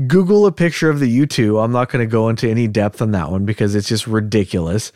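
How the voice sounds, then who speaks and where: A man's voice: on the low side, fast talker, a little mellow, no echo, clean studio sound. A man hosting a podcast in easygoing casual chat who chuckles often between points. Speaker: podcast host.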